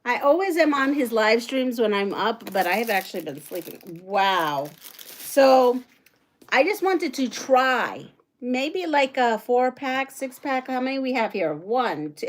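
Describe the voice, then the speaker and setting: Woman, middle-aged, fairly high voice, excitable, chatty, casual live chat. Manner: chatty, excitable, reads viewer comments aloud. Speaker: livestream host.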